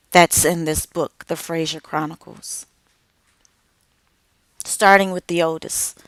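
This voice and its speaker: Middle-aged woman speaker, emphatic, lowish pitch, unhurried, dry recording. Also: dry recording. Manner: slow, emphatic delivery with dramatic pauses. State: tearful at moments. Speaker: author and speaker. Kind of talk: inspirational speech.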